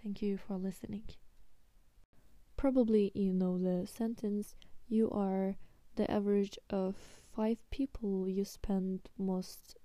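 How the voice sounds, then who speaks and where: A woman's voice: mid-range voice, flat delivery, slow, mellow, no echo. A woman hosting her own podcast in English, which is not her first language; she talks in a hesitant, apologetic way and often slips into a whisper. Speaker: podcast host. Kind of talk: soft-spoken solo podcast monologue.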